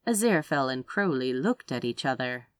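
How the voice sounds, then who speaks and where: Woman reading a story aloud, lively. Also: extremely low pitch, a little fast, clear, resonant tone, no echo, clean studio sound. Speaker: audiobook reader. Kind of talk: story narration.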